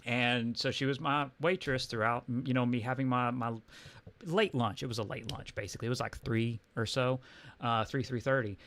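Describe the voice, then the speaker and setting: A man's voice: mid-range voice, steady tone, moderate pace, fairly bright tone. A man from Texas with a Texan accent, telling a personal story on a livestream in a casual, rambling way, full of restarts and fillers. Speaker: comics livestream host.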